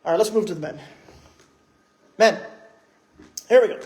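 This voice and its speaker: Guy pastor with a really high voice, chatty sermon full of questions. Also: normal speed, a little mellow. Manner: conversational preaching with rhetorical questions. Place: church.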